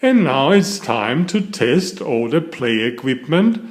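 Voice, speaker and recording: A man's voice: medium pitch, very animated, takes it slowly. A man reading a children's storybook aloud, voicing a cheerful, playful pig father with jolly enthusiasm.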